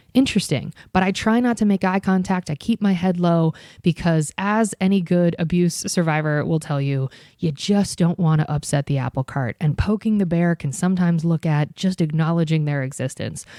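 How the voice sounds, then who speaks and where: A young woman hosts her podcast in a loose, chatty storytelling mode, candid and quick to swear. Her voice sits low and mellow. The sound is dry and close, with no room around it. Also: no echo. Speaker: podcast host. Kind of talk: casual storytelling.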